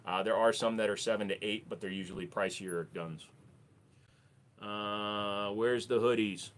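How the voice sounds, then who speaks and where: A man's voice: fairly low pitch, fairly even intonation, unhurried. A man with a Minnesota accent, casually answering viewer questions on a livestream in a blunt, profane way.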